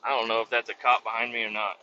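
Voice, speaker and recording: A man's voice: mid-range voice, fast talker, muffled recording, a little hiss or hum. A man from Kansas, a truck driver, telling profane, rambling stories from his cab while driving and acting out the voices of people he quotes. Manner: profane, animated, acts out quotes. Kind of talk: casual rambling storytelling.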